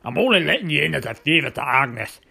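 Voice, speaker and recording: A man's voice: a little high, big pitch swings, quick pace, vocal fry, sharp tone, slightly rough, voice pushed up, full character voice. A man voicing a huge, surly middle-aged lighthouse keeper with a growling Scottish accent in a storybook reading. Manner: curt, hostile, grumbling. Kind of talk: storybook narration.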